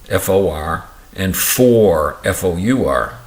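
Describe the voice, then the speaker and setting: A man's voice: deep voice, animated, takes it slowly, few pauses, roomy sound. A man reading a book on teaching aloud, stopping to restart misread words and add his own remarks. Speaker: reader of a book on dyslexia.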